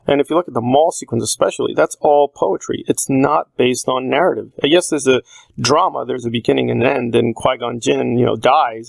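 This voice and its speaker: A man's voice: medium pitch, gravelly, no room sound. A man talking through a casual spoken film essay, thinking aloud with frequent fillers and restarts. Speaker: video essayist.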